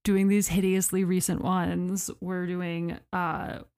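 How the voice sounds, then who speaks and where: A woman in her thirties co-hosts a chatty podcast, giggling and rambling as she goes. Her voice sits a bit low and carries a gravelly fry. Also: level tone, slow, a little mellow. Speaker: podcast co-host. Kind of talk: casual chat.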